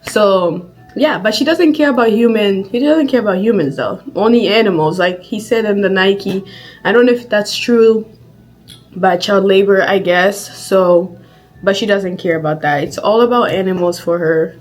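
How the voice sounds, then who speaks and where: A woman's voice: mid-range voice, moderate pace, low-quality recording. A woman casually commenting on video clips, chatty and rambling with lots of fillers. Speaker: reaction video host.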